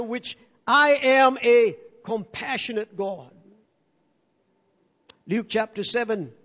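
An older man preaching with a strikingly high voice, pressing his points by repeating words and calling out for amens. His voice rings through a reverberant church hall and sounds a little dull and muffled. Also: a bit bright. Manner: emphatic, repeats key words, calls for amens. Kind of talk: sermon.

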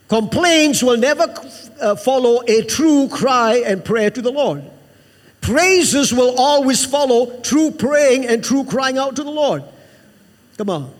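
A man's voice: extremely high pitch, big-room sound. A man preaching a sermon to a church, emphatic and repetitive, calling out to the congregation for an amen. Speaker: pastor.

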